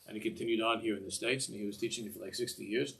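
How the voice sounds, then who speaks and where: A man's voice: lowish voice, steady tone, racing, creaky, fairly bright tone. Older man giving a rambling Torah class. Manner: discursive, repeats words, mixes Hebrew phrases. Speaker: Torah teacher.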